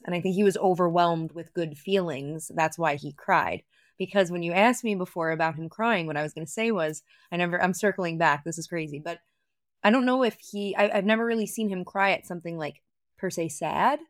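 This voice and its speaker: A woman's voice: on the low side, fairly quick, no room sound, studio quality. A woman co-hosting a podcast, talking casually about reality TV, often saying "like" and circling back mid-thought. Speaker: podcast co-host. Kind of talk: casual reality-TV recap chat.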